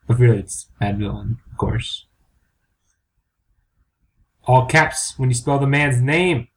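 A man's voice: mid-range voice, takes it slowly, slight background noise. A man co-hosting a podcast, bantering casually and teasing his partner with playful, mock-dramatic riffs. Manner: riffing, teasing, mock-dramatic announcer bits. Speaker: podcast co-host.

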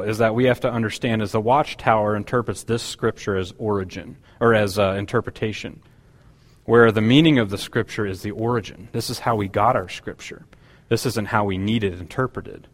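A man's voice: fairly low pitch, big-room sound. A man preaching a Bible-teaching sermon, explaining a passage with frequent restarts and fillers. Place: church hall.

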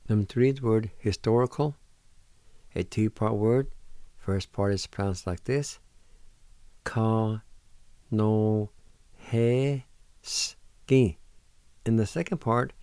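A radio host teaching a language lesson patiently spells words letter by letter and sounds out each syllable. His fairly low, gravelly voice gently encourages learners not to give up, with no room sound in the recording.

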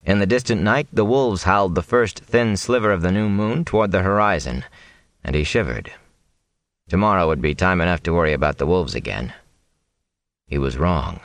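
A man narrating a fantasy novel aloud in an expressive storytelling reading. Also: low voice, normal speed, no echo. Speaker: audiobook narrator. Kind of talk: scripted narration.

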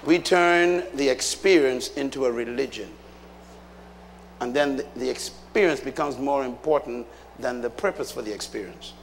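A man's voice: mid-range voice, moderate pace, a little hiss or hum. A man preaching a sermon, emphatic, putting questions to the congregation. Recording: long hall reverb.

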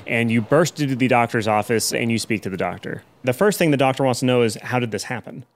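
A man running a tabletop game as game master, narrating in a brisk, descriptive way. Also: medium pitch.

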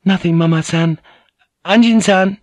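A man's voice: medium pitch, expressive, normal speed, dry recording, clean studio sound, pitched above the performer's own voice, natural voice. A man reading a novel aloud and voicing a young, graceful courtesan who speaks gaily and lightly. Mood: bright. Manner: gay, light. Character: young, graceful courtesan woman, gay and poised.

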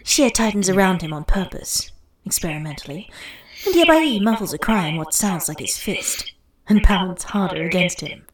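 A woman's voice: on the low side, expressive, moderate pace. A tipsy woman reading fan fiction aloud, giggling and breaking off into mock-dramatic asides. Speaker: reader.

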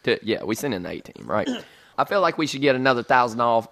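A man chatting casually, telling an animated story with loud bursts of emphasis. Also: medium pitch, fast talker, creaky. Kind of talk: casual chat.

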